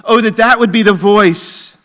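Casting: male pastor with a high, bright voice, preaching in an easy, conversational way. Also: unhurried. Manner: conversational preaching, drops to quiet intensity. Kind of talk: sermon.

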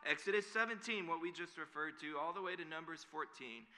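A man preaches a sermon in a fairly high, very bright voice. He is earnest and builds to emphatic declarations, and a long hall reverb follows his words. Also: brisk.

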